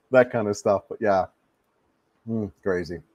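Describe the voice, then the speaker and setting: Slow and a little mellow, a man with a fairly low voice runs a casual live stream from his Philippine home, though he's from the United States. He answers viewers in a rambling, easygoing way, often repeating words. The lo-fi audio has no echo, and he adjusts his desk mic.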